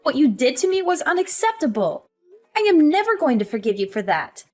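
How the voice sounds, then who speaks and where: A woman voicing a hurt but defiant young adult daughter in an animated story, talking in an earnest, emotional way. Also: sits high, fairly quick, faint music behind.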